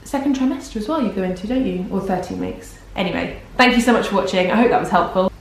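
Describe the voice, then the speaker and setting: A woman's voice: medium pitch, animated, fast, a little hiss or hum. A young pregnant woman vlogging casually, rambling and self-deprecating, tired. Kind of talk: casual vlog chat. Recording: very echoey room.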